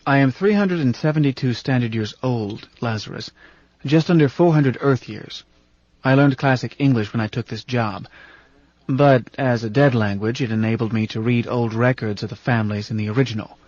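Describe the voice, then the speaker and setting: A man voicing a courteous, formal male chairman in an audiobook, speaking in a polite, precise, measured way. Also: mid-range voice, darkish tone, dry recording, lightly acted. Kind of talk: audiobook character reading. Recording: dull, dry studio recording.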